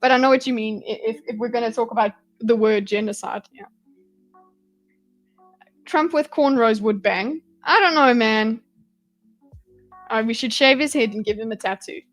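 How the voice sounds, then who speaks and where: A woman's voice: fairly high pitch, normal speed, pauses often, soft background music, rough recording. A woman hosting a livestream, giving rambling, sarcastic reaction commentary and chatting with viewers. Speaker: livestream host.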